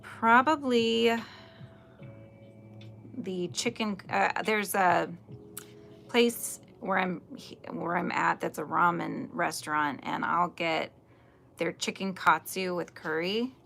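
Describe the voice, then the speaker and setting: A woman's voice: on the low side, fairly even intonation, slow pace, creaky, long pauses, fairly bright tone, slight background noise. A woman in her forties hosting a casual crochet livestream, chatting and answering viewer comments with frequent laughs. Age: 40s. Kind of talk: casual chat while crocheting.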